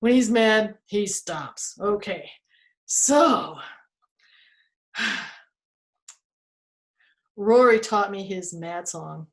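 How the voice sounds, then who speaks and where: A woman storyteller reading an interactive story to children, playful and expressive, asking her listeners questions. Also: mid-range voice, drawn-out words, pauses often.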